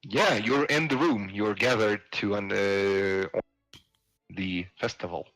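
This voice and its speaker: A man running a tabletop game as game master, narrating haltingly with many fillers. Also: lowish voice, fairly bright tone, no echo, poor audio. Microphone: online voice call.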